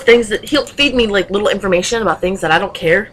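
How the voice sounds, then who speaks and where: A woman's voice: medium pitch, fast talker, hardly any pauses, a bit bright, rough recording. A young woman vlogger talking straight into her webcam, with emphatic, passionate delivery full of rhetorical questions. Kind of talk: casual webcam rant.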